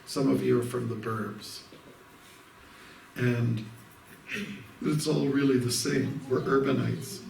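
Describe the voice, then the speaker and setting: A man from Canada, a monk, gives an informal devotional talk, telling stories in a rambling way full of fillers and restarts. His voice is gravelly and sits at a middle pitch. He is recorded from a distance in an echoey hall, with faint noise behind him. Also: steady tone, slow pace, pauses often, darkish tone. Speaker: monk giving an evening talk.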